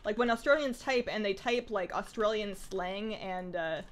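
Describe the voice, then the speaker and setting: A woman with a Canadian accent chats casually with her viewers while she plays a game on stream. She talks very fast and keeps up a running, chatty commentary, with a voice pitched in the middle range for a woman. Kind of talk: casual live-stream chat while gaming.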